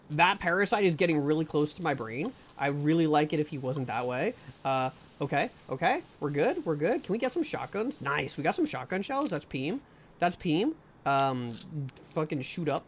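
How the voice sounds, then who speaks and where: A live streamer narrates a tense game to viewers with a lively, wide-ranging voice. Nervous laughs break in as they swear and plead again and again. A faint hiss sits behind the talk. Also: mid-range voice. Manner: self-narrating with anxious laughs. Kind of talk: live gameplay commentary.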